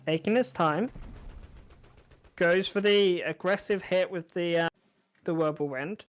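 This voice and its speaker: A man with a somewhat high voice calls a strategy card game match as a caster. He works through the options out loud, analytical, often repeating a word as he restarts. The delivery is conversational play-by-play. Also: slow pace. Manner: analytical, frequent small restarts. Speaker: esports caster. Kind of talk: play-by-play commentary.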